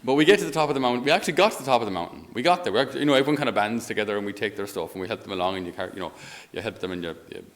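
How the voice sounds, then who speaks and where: An Irish man speaking as a priest in a conversational homily. He is a lively storyteller who often chuckles as he talks. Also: fairly low pitch, rapid-fire, hardly any pauses. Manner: animated storyteller, chuckles while talking.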